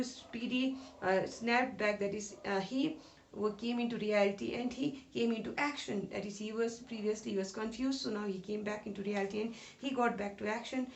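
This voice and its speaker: A woman teacher explaining a story line by line to schoolchildren, rephrasing each sentence and asking questions aloud with frequent "uh" fillers. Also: medium pitch. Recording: echoey room with faint noise.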